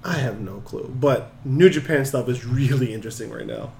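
Animated man in an echoey room. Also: mid-range voice, normal speed, a little hiss or hum. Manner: animated storyteller, acts out quotes. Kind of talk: casual wrestling podcast chat.

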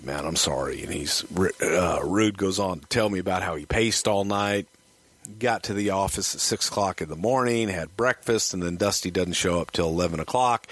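Deep-voiced, cussing male raconteur telling a loose story, with a dry, close sound. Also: a bit bright, dry recording. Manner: profane, rambling anecdote. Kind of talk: casual storytelling.

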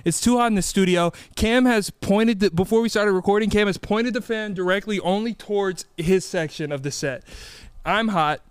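A man's voice: sits high, normal speed, clear, resonant tone, no echo. A man hosting a podcast in a studio, chatting casually and energetically, rambling as he gushes about his listeners. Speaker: podcast host. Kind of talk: casual podcast intro chat.

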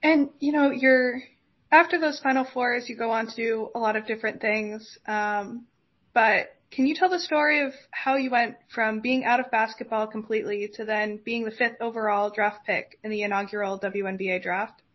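Female interviewer, slightly higher pitch, dull distant recording. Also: steady tone, moderate pace. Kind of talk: interview questions.

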